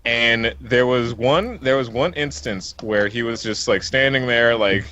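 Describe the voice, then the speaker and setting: A man's voice: mid-range voice, measured pace, sharp tone, highs cut off. A man telling a long anecdote in casual chat on a game stream, rambling and often breaking into laughter mid-sentence. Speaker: let's play co-host.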